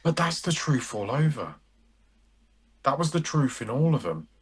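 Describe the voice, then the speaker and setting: A man's voice: mid-range voice, sing-song, normal speed, slightly rough. A man co-hosting a podcast in sweary, jokey casual banter. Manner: sweary, jokey, tries out accents. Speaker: podcast co-host.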